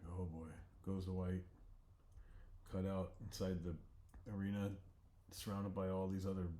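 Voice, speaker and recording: A man casually retelling an animated scene he storyboarded, in a loose, relaxed way with offhand asides. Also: low-pitched, normal speed. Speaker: storyboard artist. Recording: echoey room.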